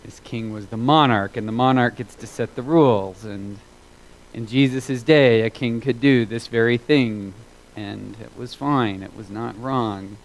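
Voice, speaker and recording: A man preaching a sermon as a pastor, earnest and emphatic, repeating phrases for weight and moving between loud and hushed delivery. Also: medium pitch, a little slow, poor audio.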